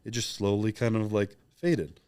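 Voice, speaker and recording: A man's voice: fairly low pitch, fairly even intonation, normal speed, darkish tone, clean tone. A man speaking as a guest in a casual interview, candid and reflective, who sometimes acts out remembered conversations. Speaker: podcast guest, pro bodybuilder.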